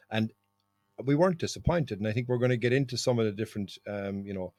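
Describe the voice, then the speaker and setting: A man's voice: lowish voice, fast talker, no echo. Irish man telling trip stories. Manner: storytelling, animated, laughs often. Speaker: podcast host. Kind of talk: casual chat.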